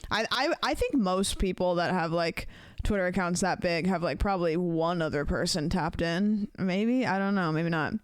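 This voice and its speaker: A woman streamer chatting casually with her live viewers, rambling and thinking out loud with lots of fillers. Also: on the low side, moderate pace, clear, resonant tone, no room sound. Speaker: livestreamer.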